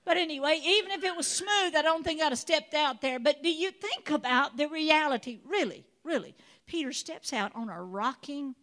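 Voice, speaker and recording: Woman preacher, high voice, animated storytelling sermon with acted-out voices. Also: normal speed. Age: adult. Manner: animated storytelling, acts out voices of biblical figures.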